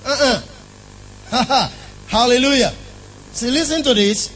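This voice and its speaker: A man's voice: very high-pitched, measured pace, pauses often, a bit bright, husky, low-quality recording. A man preaching a sermon in an emphatic style, often asking the congregation questions.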